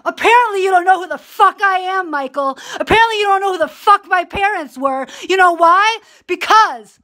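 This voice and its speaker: A woman's voice: on the high side, sing-song, unhurried, fairly bright tone. A woman voicing a furious, entitled woman who screams and swears while demanding money, near tears. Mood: screaming rage.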